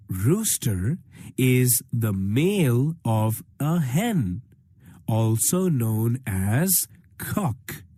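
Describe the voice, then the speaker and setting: Slow, husky Indian-accented storyteller woman. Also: extremely low pitch, dark tone, dry recording, clean studio sound. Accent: Indian English. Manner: slow, deliberate, explaining. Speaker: teacher narrator. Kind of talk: storytelling for young children.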